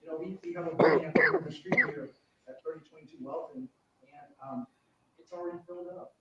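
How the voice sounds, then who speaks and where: A man's voice: sits high, fairly quick, lo-fi sound, crowd noise. A man reporting back at a community meeting, talking loosely with many fillers. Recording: distant echoing room mic, noisy.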